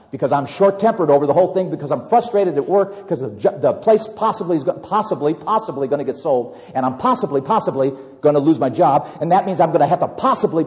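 Male pastor, sermon delivery, mellow tone, very lively pitch, dull lo-fi hall recording with long reverb. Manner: animated, acts out worried scenarios with repetitions.

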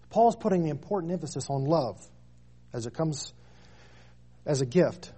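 A man's voice: a little high, animated, moderate pace, pauses often, warm tone, slightly rough. A man in his thirties preaching a sermon, stressing key phrases with rising emphasis and repeating lines for weight. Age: 30s.

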